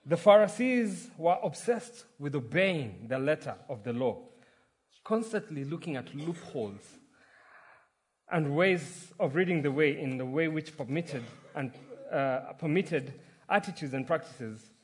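A man pastor preaching a sermon, opening with a quiet prayer and then telling a joke story in an earnest manner. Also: a little high, animated, unhurried, slightly rough. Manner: earnest, storytelling, some restarts.

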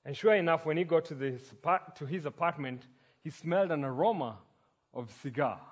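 Husky-voiced pastor preaching a sermon. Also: male voice, a little high, brisk. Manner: earnest, storytelling, some restarts. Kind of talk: sermon with prayer and joke.

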